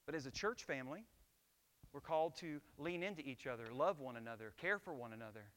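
A man's voice: medium pitch, lively intonation, brisk, fairly bright tone. A middle-aged man preaching a sermon as pastor, emphatic and asking the congregation rhetorical questions.

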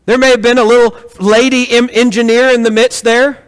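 A man preaching a sermon to a congregation, telling stories with rhetorical questions in an animated way. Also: extremely high pitch, a little fast. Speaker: pastor. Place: church hall with congregation. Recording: echoey hall.

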